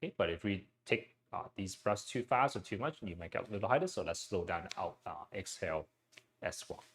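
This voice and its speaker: A man leading a guided breathing exercise class into his own mic, speaking gently, with frequent "okay" and "um". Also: low-pitched, expressive, fairly quick. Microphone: personal mic.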